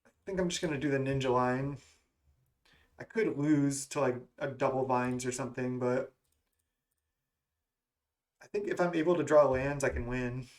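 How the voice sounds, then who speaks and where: Gaming creator, male, mid pitch, casual running commentary on his own play. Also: normal speed, long pauses, darkish tone. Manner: musing, self-questioning strategy talk. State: has the hiccups. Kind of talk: thinking aloud during card game play.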